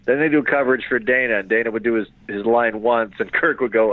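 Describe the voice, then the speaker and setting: A comedian chatting by phone, animated and quick to slip into impressions, on a tinny phone line. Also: male voice, medium pitch, a little hiss or hum. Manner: animated, keeps slipping into impressions. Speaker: comedian guest. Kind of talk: casual phone interview.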